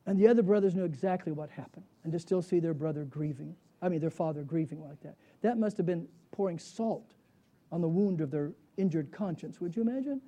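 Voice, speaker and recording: A man teaching a sermon, animated and chuckling, who keeps putting rhetorical questions to his listeners. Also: a little high, fairly quick, lo-fi sound. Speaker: Bible teacher.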